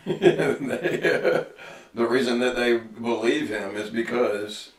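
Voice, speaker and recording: A man's voice: medium pitch, slow pace, distant mic. Earnest rambling man, echoey room. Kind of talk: casual political chat.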